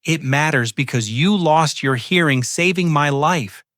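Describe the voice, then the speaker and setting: Man reading as a remorseful daughter, tearful, pleading, bright voice, dry sound. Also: on the high side, a little slow, no echo. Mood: ashamed. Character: remorseful adult daughter, woman.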